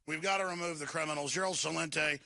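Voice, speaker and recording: A man's voice: a little high, steady tone, fast talker, creaky, a crowd in the background. A man hosting an interview, speaking in an emphatic, alarmed way. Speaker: host.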